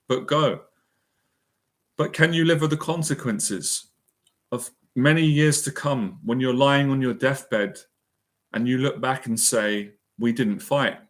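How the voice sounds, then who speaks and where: A man's voice: mid-range voice, slow pace. A man giving a motivational talk as an anxiety and confidence mentor, earnest and emotional, repeating phrases for emphasis. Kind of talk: motivational monologue.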